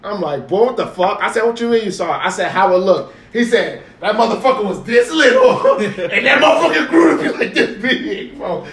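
A young man, telling a story to friends in a casual, animated way, swearing and repeating himself for emphasis. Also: high voice, brisk, hardly any pauses, distant mic. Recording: echoey room, from off the mic, faint noise.

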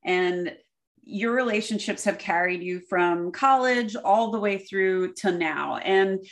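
A woman's voice: medium pitch, takes it slowly. A woman hosting an interview, friendly and encouraging as she sets up open questions. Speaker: interview host. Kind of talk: casual interview.

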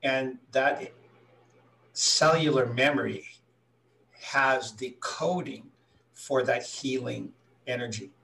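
A man in his sixties from Hawaii, a healer answering interview questions in a calm, reflective way as he tells his story. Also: medium pitch, takes it slowly, vocal fry, pauses often, a little hiss or hum. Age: 60s. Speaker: guest, healer. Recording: voice a little distant from the mic.

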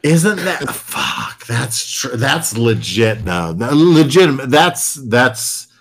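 A man's voice: medium pitch, very animated, slow, slightly rough. A man hosting a casual podcast chat. He laughs a lot and swears freely.

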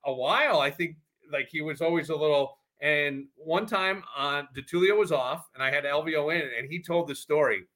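A slightly higher-pitched man with a bright, forceful voice spins stories from his radio days. He is animated and jumps into voices as he goes. It is casual, lively storytelling. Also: normal speed, hardly any pauses. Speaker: former radio host, storyteller. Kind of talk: casual chat.

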